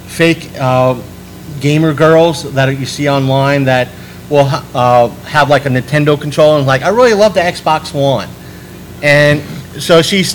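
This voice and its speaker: A man's voice: mid-range voice, a bit bright, a little hiss or hum, poor audio. A man hosting a podcast panel, talking casually and rambling with frequent restarts. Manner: chatty, rambling with many restarts.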